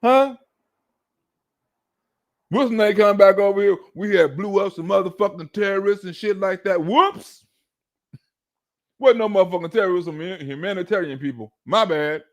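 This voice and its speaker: Talking fast with few pauses in a high-pitched voice, a man tears through a profane political monologue. In a loose, streamer-style delivery he ridicules his targets and breaks off to mimic chants scornfully.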